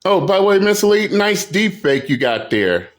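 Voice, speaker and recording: A man's voice: high voice, very animated, normal speed. A man hosting a commentary channel, ranting combatively with insults and frequent restarts. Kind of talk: reaction rant commentary.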